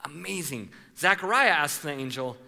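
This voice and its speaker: A man preaching a sermon, telling a story with animated voices for the people in it and calling out to the congregation. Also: on the high side, normal speed, creaky, long reverb tail. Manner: playful with the congregation, calls for responses. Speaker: pastor.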